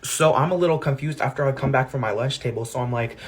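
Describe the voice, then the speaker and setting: A man's voice: mid-range voice, fast, breathy edge. A man telling a story in a chatty, gossipy vlog style, full of asides. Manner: gossipy, chatty storytelling with many "like" and "mind you". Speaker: vlogger. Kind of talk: storytime get-ready-with-me vlog.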